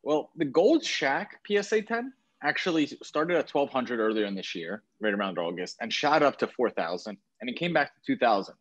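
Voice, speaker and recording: Away from home on a trip, a podcast co-host chats about sports cards with lively enthusiasm, revising his own words as he goes. He speaks at normal speed in a mid-range voice, and the highs are cut off.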